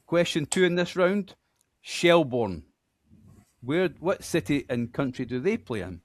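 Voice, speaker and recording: A man's voice: on the high side, big pitch swings, no echo. A man from Scotland with a Scottish accent, hosting a podcast quiz in a chatty, self-deprecating way. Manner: chatty, self-deprecating, reads names out slowly. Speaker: quiz host.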